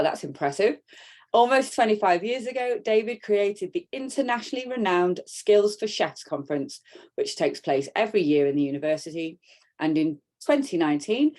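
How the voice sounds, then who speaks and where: A woman's voice: on the low side, darkish tone. A woman hosting a video interview, upbeat and friendly as she introduces her guest.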